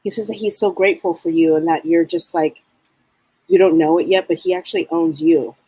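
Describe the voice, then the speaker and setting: A woman co-hosting a live psychic show, with a smoky voice hoarse from a cold, playful and chatty. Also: fairly low pitch, fairly even intonation, fairly quick, mellow, no echo, rough recording. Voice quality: smoky, husky. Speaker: psychic reader, co-host. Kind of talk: live psychic reading chat.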